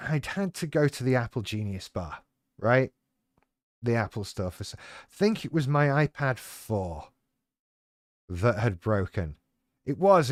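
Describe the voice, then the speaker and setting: A man with a mid-range voice, a channel host, talks about living with BPD in a casual personal monologue. He rambles through his story in a self-deprecating way, swearing a lot. The audio is studio quality with no room sound.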